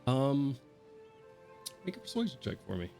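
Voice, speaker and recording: A man's voice: medium pitch, very animated, normal speed, vocal fry, warm tone, soft background music. A man narrating as game master, in a loose, hesitant style with many fillers.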